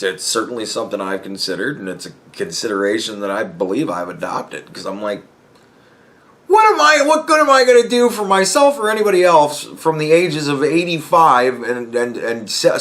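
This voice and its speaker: A man's voice: lowish voice, sharp tone. A young man hosting a podcast, talking in a rambling, profane, casual monologue and laughing as he tells stories. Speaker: podcast host.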